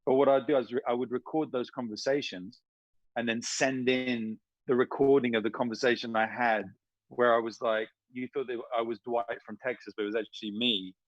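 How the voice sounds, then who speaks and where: A man, an actor and voice performer, chatting casually and telling animated stories with quick impressions. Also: medium pitch, no echo, lo-fi sound. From United Kingdom. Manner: animated, slips into impressions mid-story. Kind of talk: casual interview storytelling.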